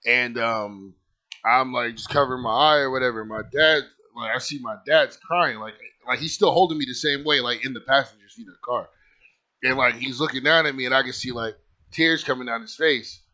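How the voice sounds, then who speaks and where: Young guy with a bright voice, rambling through his story, lots of likes and cussing. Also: mid-range voice, moderate pace. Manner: rambling, lots of filler likes, swears freely. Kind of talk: casual personal storytelling.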